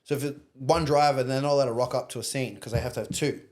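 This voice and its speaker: A young Australian man telling a story in casual chat, animated, acting out other people's lines and swearing casually. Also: mid-range voice, quick pace. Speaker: podcast guest.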